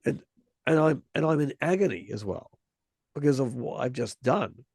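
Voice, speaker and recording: Gravelly-voiced man in his forties, rambling. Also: mid-range voice, lively intonation, normal speed, darkish tone, no room sound. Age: 40s. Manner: rambling, many restarts, vivid retelling. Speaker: father telling a story. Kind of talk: casual storytelling conversation.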